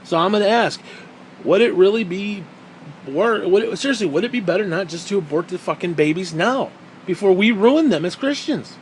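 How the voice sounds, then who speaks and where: A man's voice: sits high, expressive, a little fast, slight background noise, low-quality recording. A man giving a heated, profane commentary rant on video, blunt and repeating his points for emphasis. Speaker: vlogger.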